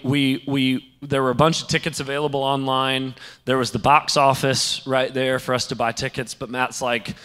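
A young man preaching a sermon, telling a story in a lively way and acting out the other people's lines. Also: medium pitch, long reverb tail. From St. Louis area. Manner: animated, acts out quoted voices. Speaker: pastor.

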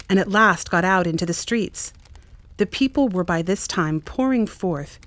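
A woman narrating with expressive storytelling at a church reading. Her voice is on the low side. She lends the story lively shading. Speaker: reader. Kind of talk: dramatic reading at a church event.

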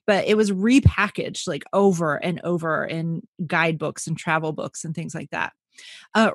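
A woman co-hosting a history podcast, narrating sources in a lively, easy-laughing manner with fillers. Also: fairly low pitch, no echo, clean studio sound. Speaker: podcast co-host.

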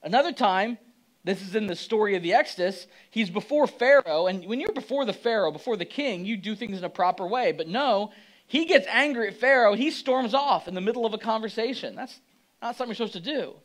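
A male pastor giving a conversational, animated sermon, acting out quotes as he goes. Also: sits high, fairly quick, poor audio.

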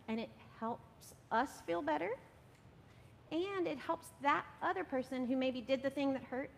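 Woman, children's sermon leader, high and gentle, coaxing; church reverb, faint rumble. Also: vocal fry. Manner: gentle, coaxing, often asks "right?". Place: church sanctuary.

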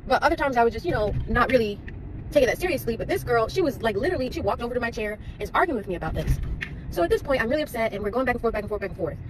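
A young woman talks at a rapid clip, her voice sitting a little high, as she records a casual storytime vlog from behind the wheel. She speaks into a phone while she drives, in a chatty way, and a faint hum of the moving car runs under her voice. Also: expressive. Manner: chatty, retelling a story with rising frustration. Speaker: vlogger.

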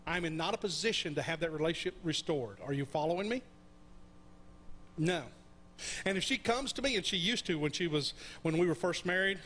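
A man's voice: fairly high pitch, a bit bright, a little hiss or hum. A middle-aged man preaching a conversational sermon, often checking in with the congregation with questions. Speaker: pastor. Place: church sanctuary.

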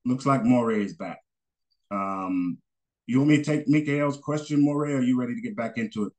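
A man from North Carolina answering a question in an online class, halting with many fillers and restarts. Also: mid-range voice, darkish tone. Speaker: assistant teacher.

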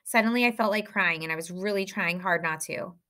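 Bright-toned woman reading a story. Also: mid-range voice, brisk. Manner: lively first-person storytelling. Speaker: audiobook reader. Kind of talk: reading a novel aloud.

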